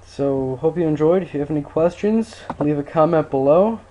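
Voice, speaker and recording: A man's voice: a little high, normal speed, dark tone, a little hiss or hum. A man casually talking through a computer tutorial, rambling a little with fillers. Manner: laid-back, rambling with fillers. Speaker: tutorial maker. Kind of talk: casual screen-recorded tutorial.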